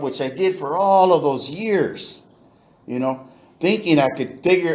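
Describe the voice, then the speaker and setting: A man's voice: on the high side, moderate pace, darkish tone, rough recording. A middle-aged man from East Los Angeles, sharing his story candidly at a recovery meeting. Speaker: AA meeting speaker.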